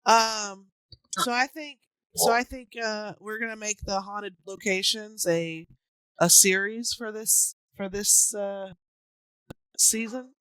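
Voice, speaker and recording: A woman's voice: medium pitch, slow pace, fairly bright tone, smooth, no echo. A woman talks loosely as a podcast host, stringing thoughts together with plenty of "um"s and "uh"s. Her voice is recorded dry and close, with no room sound. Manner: loose, chatty, lots of fillers and laughs. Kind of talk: casual podcast chat.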